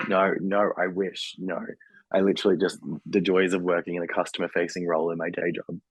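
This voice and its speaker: A man, hoarse and husky from being sick, chatting casually as a podcast co-host. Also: low-pitched, level tone, moderate pace, no echo, low-quality recording. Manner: chatty, laughs easily. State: hoarse from illness. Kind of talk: casual chat.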